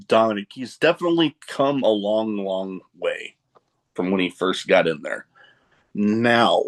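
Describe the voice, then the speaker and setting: A man hosting a podcast in a casual interview chat. He laughs often and wanders into rambling asides. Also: on the low side. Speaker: podcast host.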